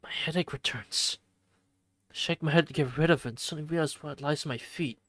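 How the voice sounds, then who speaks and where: Expressive streamer reading a visual novel. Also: medium pitch, a little fast, dry recording. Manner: expressive, jokey asides. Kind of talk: reading a visual novel aloud with live commentary.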